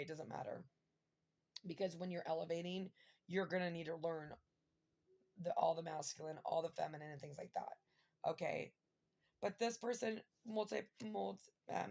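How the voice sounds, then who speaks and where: A woman's voice: fairly low pitch, vocal fry, darkish tone. A woman giving a casual tarot reading to her viewers, emotional and rambling with many fillers. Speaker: tarot reader.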